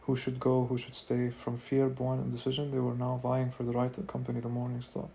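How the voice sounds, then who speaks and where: A man's voice: medium pitch, monotone, brisk, creaky, warm tone, a little hiss or hum. A man reading a fantasy novel aloud in first person, as an amateur audiobook, now and then adding asides of his own. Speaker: reader of a novel.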